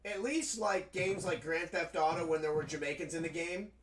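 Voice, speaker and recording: A man's voice: on the high side, normal speed, noisy background. A man playing a video game and chatting casually, rambling and frank, with frequent swearing. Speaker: gaming streamer. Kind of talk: casual commentary while playing.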